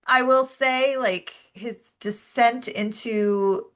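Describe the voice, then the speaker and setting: A young woman co-hosting a film podcast in casual chat, chatty with quick reactions. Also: on the high side. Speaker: podcast co-host.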